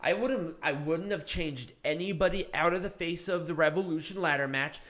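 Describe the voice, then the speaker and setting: A podcast co-host with a fairly high, bright voice talks at normal speed in a casual wrestling review chat, offering blunt, opinionated takes and swearing freely.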